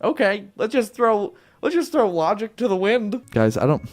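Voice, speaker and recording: In a high voice with big pitch swings and a moderate pace, a man gives light, joking commentary on a game he's playing in his apartment for a gaming video. His voice jumps playfully at times, and a neighbor's music can be heard.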